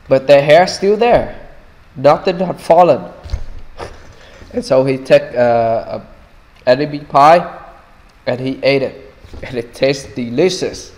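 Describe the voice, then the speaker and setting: A man with a Vietnamese accent explaining a storybook in halting, simple English full of fillers. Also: medium pitch, a little mellow, long reverb tail. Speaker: English teacher.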